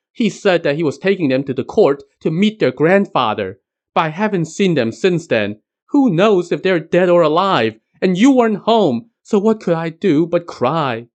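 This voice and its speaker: A man doing a weeping, high-voiced young wife. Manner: pleading, tearful, high-pitched.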